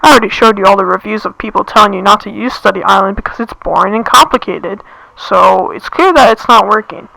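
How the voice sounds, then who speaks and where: A woman's voice: mid-range voice, fast talker, gravelly, sharp tone, no echo, rough recording. A young woman from the United States, a student, ranting on her own channel with sarcastic, exaggerated complaints. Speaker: channel host. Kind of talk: comedic rant to camera.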